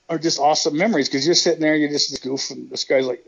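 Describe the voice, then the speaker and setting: A man with a gravelly, husky voice tells rambling, profane stories in a casual interview, laughing often. The sound is slightly dull and lo-fi. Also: fairly high pitch, steady tone, a little fast. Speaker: guest, retired pro wrestler.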